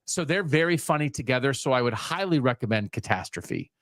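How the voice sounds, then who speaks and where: Man, mid-pitched voice, eager casual podcast talk, dry sound. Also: expressive, fairly quick, a bit bright, no echo. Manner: enthusiastic, recommends at length, hedging asides. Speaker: podcast co-host. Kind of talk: casual chat.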